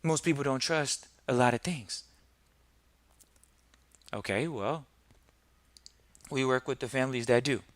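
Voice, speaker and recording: A man's voice: medium pitch, measured pace, long pauses, no echo. A man hosting a podcast, preaching emphatically in a long monologue and firing off rhetorical questions. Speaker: podcast host.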